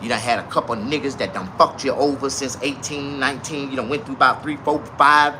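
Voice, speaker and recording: A man's voice: mid-range voice, fairly even intonation, brisk, background noise. A man in his forties telling a crude, rambling comic story who often laughs at his own punchlines. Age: 40s.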